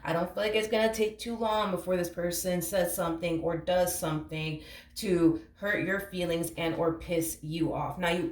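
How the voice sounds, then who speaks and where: A woman with a lowish voice gives a tarot reading in a casual, blunt way. She hammers her points home through repetition and talks straight to the listener. She sits back from the mic in a roomy, echoey space. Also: recorded from a distance. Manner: emphatic, repetitive, blunt, calls listener honey. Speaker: tarot reader. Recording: roomy echo, away from the mic.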